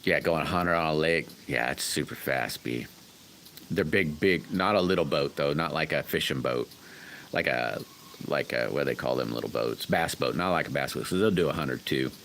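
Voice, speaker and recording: Very deep-voiced folksy man. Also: normal speed, gravelly, fairly bright tone, a little hiss or hum. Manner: rambling, folksy, greets chat by name. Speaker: livestream host chatting with viewers. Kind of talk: casual livestream chat.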